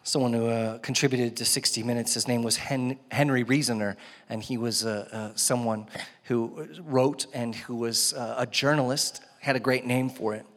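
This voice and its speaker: A man's voice: mid-range voice, steady tone, normal speed. Man preaching in a reverberant church. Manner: dramatic swings from loud emphasis to hushed tones. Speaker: pastor. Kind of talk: sermon. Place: church sanctuary. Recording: church hall with long reverb.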